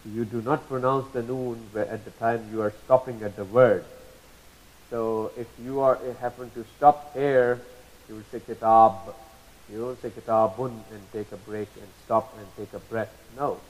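A man teaching a lesson, patiently spelling out terms, repeating examples slowly and asking checking questions. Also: mid-range voice, steady tone, rough recording. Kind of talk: explanatory lesson.

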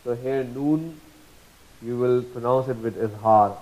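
A man teaching Quran recitation rules, patiently repeating each example slowly and drawing out the sounds. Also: mid-range voice, darkish tone, rough recording. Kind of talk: slow tajweed lesson.

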